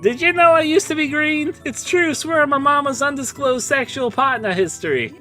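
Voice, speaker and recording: A man's voice: very high voice, moderate pace, bright, forceful tone, faint music behind, voice pushed up. A man voicing a crude, rambling hillbilly tomato farmer with a put-on Southern drawl while streaming a game. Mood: folksy.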